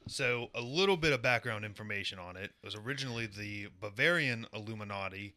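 A young man co-hosting a podcast, explaining a topic in relaxed, offhand casual chat. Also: lowish voice, fast. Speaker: podcast co-host presenting a segment.

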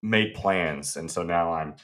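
A man's voice: deep voice, slow, fairly bright tone. A man co-hosting a film podcast, talking casually with hesitations and stammered restarts. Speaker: podcast co-host. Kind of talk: casual chat.

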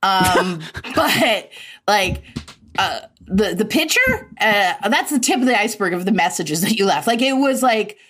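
A woman telling a story on a podcast in casual chat, blunt and quick to swear, often laughing. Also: mid-range voice, animated, a bit bright. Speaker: podcast guest.

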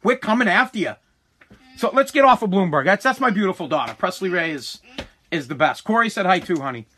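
A man's voice: high-pitched, very animated, fast talker, bright, forceful tone, slight background noise. A man hosting a podcast, ranting heatedly with profanity and frequent restarts. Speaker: podcast host. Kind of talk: ranting political commentary.

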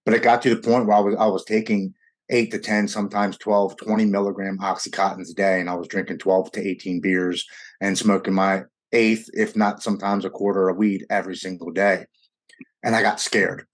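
Guy in his 40s, lowish voice, talks earnest and emotional, keeps tripping over words and starting again. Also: flat delivery, a little fast. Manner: earnest and emotional, with frequent stammered restarts. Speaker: guest sharing a recovery story. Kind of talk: personal storytelling in conversation.

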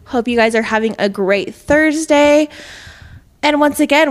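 Teasing young woman co-hosting a podcast. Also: high voice. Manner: playful, teasing, quick comebacks. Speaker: podcast co-host. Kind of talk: casual chat.

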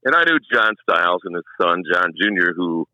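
Speaking fairly quickly in a low register, a middle-aged man with a long career as a race track announcer spins stories in a relaxed chat. He acts out the quotes with animation. The recording is muffled and has no echo.

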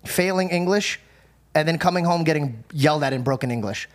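A man's voice: fairly high pitch, brisk. A man hosting a casual podcast as a comedian, teasing his guests and laughing often.

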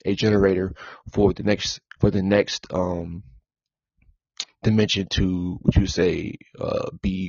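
A man's voice: deep voice, vocal fry, dark tone, breathy edge, no echo. A man hosting a spiritual podcast monologue, repeating himself and circling back to the same points. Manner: repetitive, circling back with "again". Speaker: podcast host. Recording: dull lo-fi sound.

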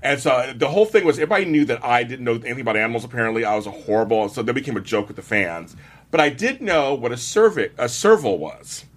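A man hosting a casual chat show, gushing and animated as he tells stories. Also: medium pitch, fast. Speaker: host.

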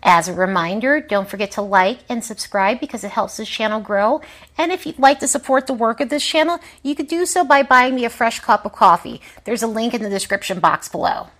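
A woman hosting an astrology channel, narrating a scripted weekly forecast in a steady, explanatory way. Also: a little high, fairly quick.

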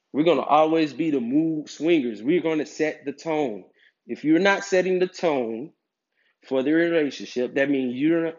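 A man giving dating advice to other men in a casual monologue, emphatic and preachy, with streetwise slang. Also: fairly high pitch. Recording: dull lo-fi recording.

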